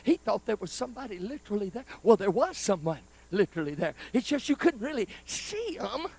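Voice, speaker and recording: A preacher man with a high-pitched voice and a gravelly edge tells a story from the pulpit during a live church service. He talks to the congregation in a folksy, personal way. His delivery is dramatic, rising to loud bursts and then dropping to near-whispers. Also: sing-song, brisk. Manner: folksy, conversational, addresses the congregation directly. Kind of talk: storytelling sermon.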